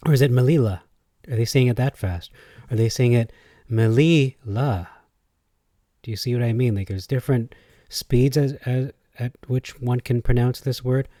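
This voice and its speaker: A man's voice: medium pitch, mellow, no room sound, studio quality. A man explaining things in a casual spoken video. He thinks aloud and hesitates, and he tries out different pronunciations as he goes.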